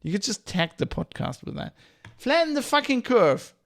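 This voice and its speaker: A man's voice: extremely high pitch, very animated, moderate pace, creaky. A man hosting a podcast livestream, ranting in a heated, profane, rambling way. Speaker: podcast host.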